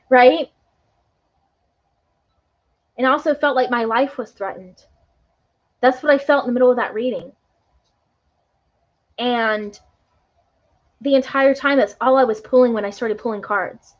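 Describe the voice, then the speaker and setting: A woman's voice: on the high side, unhurried, long pauses, dull audio. A woman tarot reader talking earnestly and emotionally to viewers of a live stream, often tagging on "right?".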